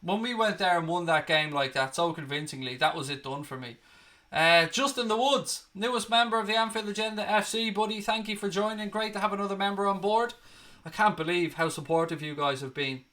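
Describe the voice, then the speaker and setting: A man's voice: sits high, fairly quick, bright, forceful tone. A young man hosting a casual live stream, reading viewer comments aloud and calling them mate and buddy.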